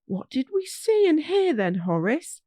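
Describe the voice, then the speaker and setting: A woman voicing a group of young hog children in a storybook, calling out high, eager and breathless. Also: sing-song, a little slow, dark tone, no echo. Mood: anxious.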